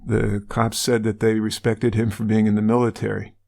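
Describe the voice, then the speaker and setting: A man's voice: lowish voice, flat delivery, moderate pace, gravelly, a little mellow. A man co-hosting a true-crime podcast, retelling a case casually with wry asides. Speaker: podcast co-host.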